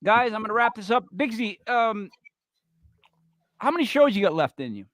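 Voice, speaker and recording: A man's voice: high voice, big pitch swings, normal speed, a bit bright, no echo. A man hosting a live podcast, rambling and teasing his co-hosts, with lots of fillers. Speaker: podcast host. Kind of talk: casual banter on a live show.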